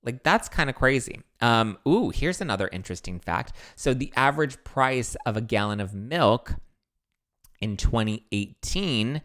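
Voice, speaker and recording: A man's voice: medium pitch, lively intonation, unhurried, a bit bright. A man hosting a casual pop-culture commentary show, chatting in a rambling way with asides and fillers. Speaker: host.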